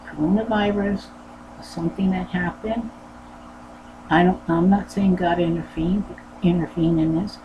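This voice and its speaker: A woman who hosts a sewing channel, talking in a rambling, earnest way and repeating her phrases, with a low voice that she says never goes higher. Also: muffled recording. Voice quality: low voice that does not go higher. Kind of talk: casual personal talk. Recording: noisy background.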